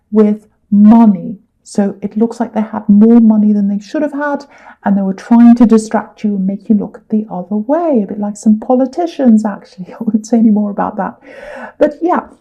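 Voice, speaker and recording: A woman's voice: fairly high pitch, normal speed, dark tone, highs cut off. A woman giving a chatty tarot reading, full of fillers and repeated words. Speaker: tarot reader.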